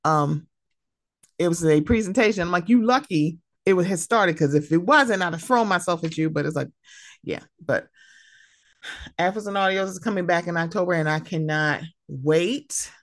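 Low-voiced woman podcast host, dry mic. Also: normal speed, dry recording. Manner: emotional, tearful at times, animated storytelling. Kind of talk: casual solo podcast monologue. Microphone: close podcast mic.

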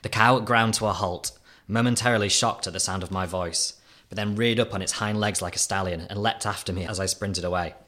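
A man reading his own opinion column aloud in a dry, measured storytelling manner. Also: on the low side, steady tone, sharp tone.

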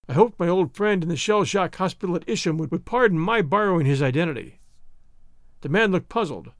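Man reading a story, lively high voice. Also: a little fast, no echo, studio quality. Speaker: audiobook reader. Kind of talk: audiobook narration.

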